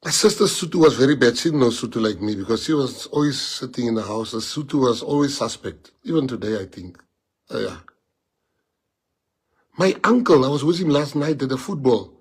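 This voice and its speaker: A South African man with a husky voice speaks English as an Afrikaans native, at a middling pitch. He talks to his followers in an impassioned way and keeps repeating rhetorical questions. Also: lively intonation, a little fast. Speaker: politician addressing followers. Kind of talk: emotional live-streamed monologue.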